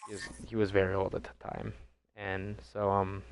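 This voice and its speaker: A man's voice: deep voice, moderate pace, a little hiss or hum. Rambling young man telling a story. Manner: rambling, animated storytelling with crude jokes. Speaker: vlogger. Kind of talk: storytime vlog.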